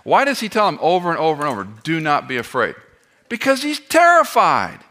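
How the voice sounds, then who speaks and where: Fast and fairly high-pitched, a male preacher works through an expository sermon with plenty of energy. He peppers listeners with rhetorical questions and tosses in jokes along the way.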